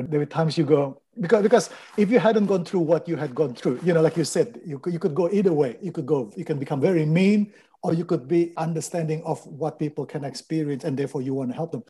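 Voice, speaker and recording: A male interviewer with a mellow, slightly husky voice that sits somewhat high. He asks probing questions and often breaks in to affirm what he hears. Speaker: podcast host and interviewer. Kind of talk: interview conversation.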